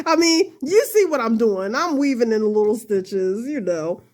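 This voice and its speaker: A woman's voice: a little high, lively intonation, moderate pace, darkish tone. A woman hosting a casual crochet tutorial, chatty and self-deprecating, often laughing and talking straight to her viewers. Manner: addresses viewers as y'all. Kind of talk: casual talk-through tutorial.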